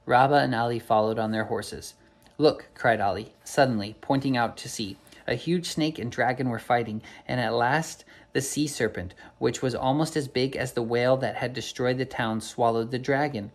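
A man's voice: medium pitch, normal speed, few pauses. A man reading an old storybook aloud, unpolished, with occasional slips and self-corrections.

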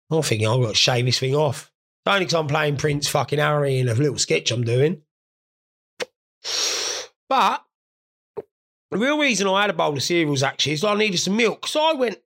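British bloke, 30s, gravelly, sweary laddish vlog rambling. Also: male voice, fairly high pitch, a bit bright. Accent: British English. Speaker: vlogger. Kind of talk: rambling comic monologue.

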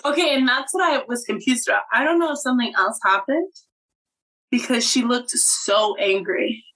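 Bright-voiced giggly young woman chatting. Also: fairly high pitch, normal speed, poor audio. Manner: chatty, giggly, uses "like" a lot. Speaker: podcast co-host. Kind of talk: casual chat recapping a reality show.

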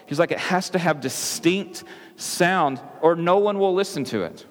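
A man's voice: on the high side, normal speed. A male pastor preaching a sermon in a conversational way, with frequent "right?" asides and restarts, in a large church hall. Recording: echoey hall with long reverb.

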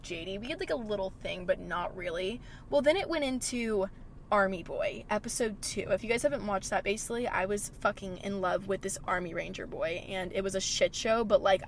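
Medium-pitched with vocal fry and a slightly bright quality, this young woman's voice carries a little hiss or hum. She's a podcast host chatting casually from a car in a gas station parking lot, dropping "like" often and cursing plenty.

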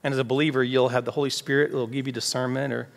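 A man's voice: mid-range voice, flat delivery, rapid-fire, vocal fry. A man preaching a conversational sermon as pastor, acting out everyday dialogue in quoted voices. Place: church sanctuary. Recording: long hall reverb with faint music behind.

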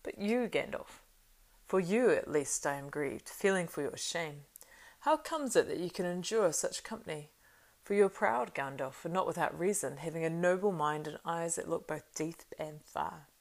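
A woman's voice: fairly low pitch, animated, moderate pace, vocal fry. A woman voicing a proud, silver-tongued old male wizard in an audiobook reading, lofty and coaxing in manner. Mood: haughty. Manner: coaxing and lofty, turning hissing and scornful.

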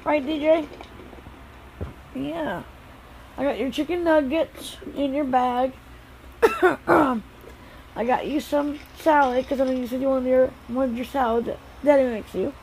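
A woman's voice: high-pitched, takes it slowly, pauses often, a little mellow, a little hiss or hum, low-quality recording. A woman vlogging outdoors as a mother, chatty and soothingly reassuring. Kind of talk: casual vlog. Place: outdoors on a path.

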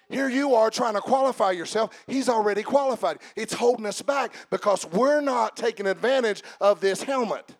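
A man preaching a sermon to a congregation, talking to them directly with humor, shouting and slowing down for emphasis, then dropping to quiet asides. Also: high-pitched.

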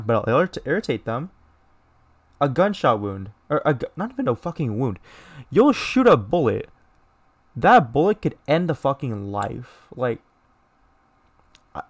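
A young American man hosting a casual solo podcast, reading a news story aloud and ranting bluntly with plenty of swearing and restarts. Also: mid-range voice. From United States. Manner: blunt and profane, with many restarts and mocking voices. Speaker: podcast host.

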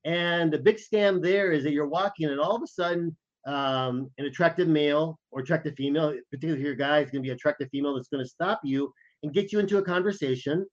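A man's voice: a little high, fast talker, few pauses, muffled recording. A man co-hosting a podcast, telling anecdotes casually and animatedly, acting out the other people's voices. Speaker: podcast co-host. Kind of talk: casual storytelling chat.

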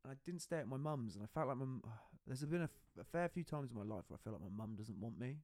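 A man's voice: medium pitch, expressive, quick pace, darkish tone, no room sound. A man hosting a casual podcast conversation, talking openly and confidingly and acting out the dialogue he quotes. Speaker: podcast host.

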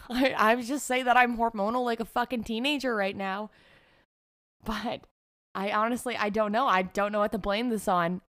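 A woman's voice: a little high, fairly even intonation, normal speed, long pauses, fairly bright tone, no room sound, clean studio sound. A young adult woman telling a candid, profane confessional story to her viewers, laughing often. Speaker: vlogger.

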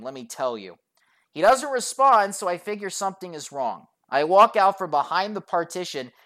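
A woman narrating a storytime vlog in a profane, sarcastic, exasperated way. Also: sits low.

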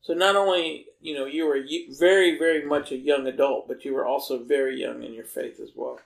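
A man's voice: on the high side, fairly even intonation, brisk, creaky, roomy sound, poor audio. A man co-hosting a podcast, chiming in with supportive follow-up remarks during casual chat. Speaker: podcast co-host.

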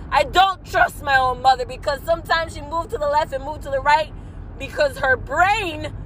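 A woman venting angrily in a vlog from a car, swearing a lot and rambling, breaking into shouts. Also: sits high, a little hiss or hum, low-quality recording. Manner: profane, shouting in bursts, rambling.

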